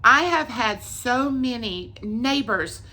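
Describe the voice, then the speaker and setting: A woman's voice: on the high side, animated, slow pace, bright, forceful tone. A woman telling an emotional personal testimony, earnest and tearful, repeating herself as she goes. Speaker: vlogger sharing a faith testimony.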